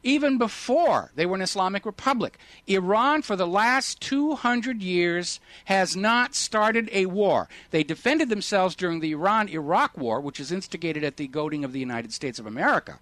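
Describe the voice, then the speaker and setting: High-voiced, sarcastic talk radio host. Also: male voice, expressive, moderate pace, a bit bright, dry recording. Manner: indignant, sarcastic, emphatic. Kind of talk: political talk radio commentary.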